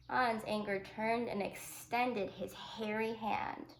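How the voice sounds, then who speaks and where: Slow, gravelly teacher reading aloud. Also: female voice, a little high, steady tone. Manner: gentle, explaining asides to young listeners. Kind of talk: reading a picture book aloud to children. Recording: echoey room.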